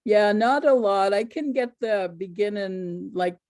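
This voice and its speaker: A woman storyteller answering audience questions over a video call in an unhurried, easygoing way. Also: mid-range voice, a little mellow.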